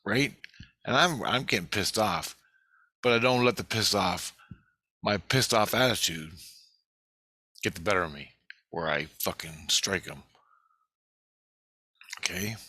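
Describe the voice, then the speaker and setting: A man with a lowish voice tells a long story off the cuff, swearing freely as he rambles on. His tone is bright and forceful, and he keeps hammering his points home. The sound is close and dry, with no room around it. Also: unhurried, pauses often, slightly rough, no echo. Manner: profane, rambling, emphatic. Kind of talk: casual monologue recounting a dream.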